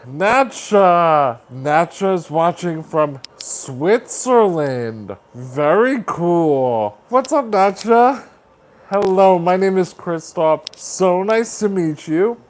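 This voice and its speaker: A man's voice: high-pitched, lively intonation, slow, a little mellow. A man hosting a livestream, chatting casually and upbeat as he reads out viewer comments and rallies support. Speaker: livestream host.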